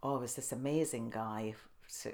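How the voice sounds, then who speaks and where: Low-voiced woman telling stories. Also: normal speed. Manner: lively storyteller who laughs often and acts out quoted speech. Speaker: guest. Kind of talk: casual interview storytelling.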